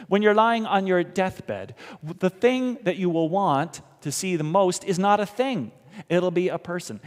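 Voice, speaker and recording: A male pastor giving a conversational sermon, lively and expressive, acting out the voices he quotes. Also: fairly high pitch. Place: church sanctuary. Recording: long church reverb.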